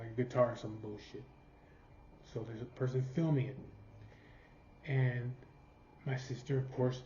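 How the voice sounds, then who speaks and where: In casual storytelling, a man from California rambles through a swear-laden family story and laughs at it himself. His voice is medium in pitch and warm, and the roomy, somewhat dull recording carries a little hiss or hum.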